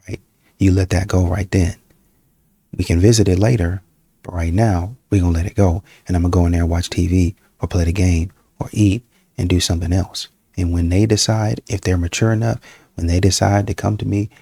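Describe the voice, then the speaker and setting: A man's voice: low-pitched, gravelly, warm tone, slightly rough, no echo. A man giving blunt, preachy relationship advice straight to his viewers in a casual monologue. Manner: preachy, direct, addresses viewers as y'all. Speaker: dating commentary host.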